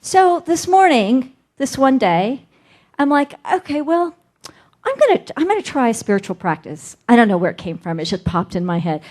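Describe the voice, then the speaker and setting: A woman's voice: fairly high pitch, animated, moderate pace, a little mellow. A middle-aged woman minister delivering a sermon, telling a personal story and acting out her inner dialogue.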